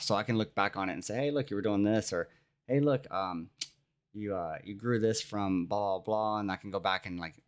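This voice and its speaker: A man talking casually on a live stream, irritated and venting, repeating himself as he talks at his home streaming setup. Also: low voice.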